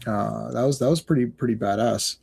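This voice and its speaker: A man's voice: medium pitch, a little fast, creaky, a little mellow, husky. A man co-hosting a casual comic book chat, rambling, laughing often and quoting scenes in other voices. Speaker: podcast co-host. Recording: livestream call.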